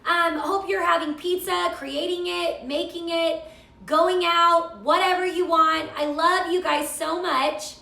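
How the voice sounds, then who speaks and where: A woman's voice: very high-pitched, steady tone, unhurried, gravelly, sharp tone, reverberant. A middle-aged woman hosting a live cooking stream, chatting and gushing while she reads viewer comments. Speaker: cooking show host.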